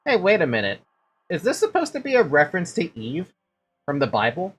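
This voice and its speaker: A woman's voice: on the low side, wildly swooping pitch, brisk, breathy edge. A young woman streaming a horror game, casually reacting and swearing as she plays. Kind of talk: casual gameplay commentary.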